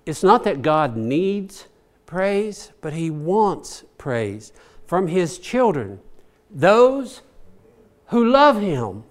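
Very animated and drawing out his words, an older pastor with a high-sitting voice preaches in a folksy, chatty way, tossing out rhetorical questions and chuckling throughout.

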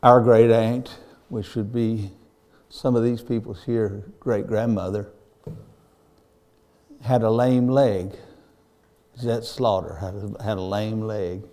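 A man's voice: on the low side, steady tone, takes it slowly, long pauses, dark tone. An older man, preaching a sermon in a folksy, earnest storytelling style.

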